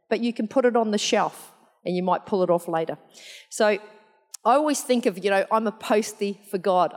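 A woman preaching a sermon in a chatty, humorous storytelling way, full of asides. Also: fairly high pitch. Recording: long hall reverb.

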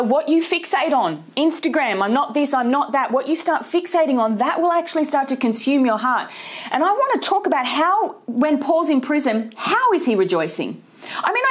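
Energetic woman preaching a sermon. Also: fairly high pitch. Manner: energetic and conversational, with rhetorical questions. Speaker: pastor.

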